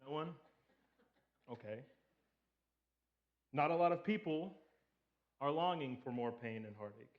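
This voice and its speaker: Casting: male pastor, mid pitch, easygoing and joking, quizzes the crowd; muffled lo-fi church recording. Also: animated, a little slow, long pauses. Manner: joking, conversational, asks the audience questions. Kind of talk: casual sermon. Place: church sanctuary.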